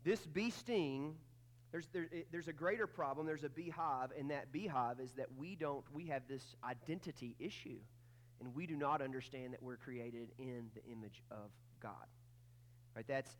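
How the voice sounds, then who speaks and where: A man, preaching a sermon as pastor in a casual, folksy storytelling way with many fillers. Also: medium pitch.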